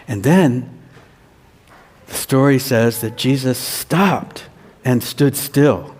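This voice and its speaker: A man, a pastor, telling a children's sermon as a slow story and asking the children questions. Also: mid-range voice, darkish tone. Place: church. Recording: long church reverb.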